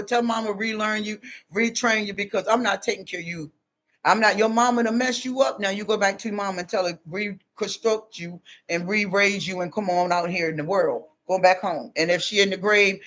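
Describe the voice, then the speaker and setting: A woman, giving a loud, animated motivational talk to her viewers and laughing often. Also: medium pitch. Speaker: online talk host.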